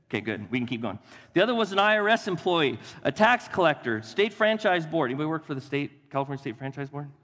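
A man preaching a sermon as pastor, animated and acting out the voices of Bible figures for his congregation. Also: a little high. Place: church sanctuary. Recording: long hall reverb.

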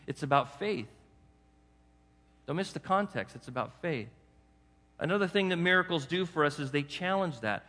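Man, 50s, pastor, animated conversational sermon, forceful bright voice, long hall reverb. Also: on the high side. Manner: animated, conversational preaching with quick acted asides.

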